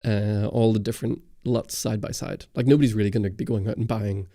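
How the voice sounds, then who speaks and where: A man's voice: fairly low pitch, steady tone, brisk, creaky, dark tone, no room sound. A man from Northern Ireland with a Northern Irish accent, hosting a casual livestream and rambling through answers to viewer chat on a close studio mic. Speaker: YouTube host on a livestream.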